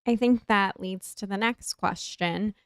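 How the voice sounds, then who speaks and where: A woman's voice: medium pitch, unhurried, dry recording, clean studio sound. A woman co-hosting a podcast, chiming in to add points in casual chat. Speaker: podcast co-host.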